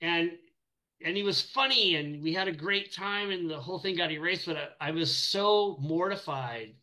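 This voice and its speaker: A man's voice: high-pitched, normal speed, bright, forceful tone, poor audio. A middle-aged man, an animator, chatting casually in an interview and telling rambling anecdotes with many restarts. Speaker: animator guest.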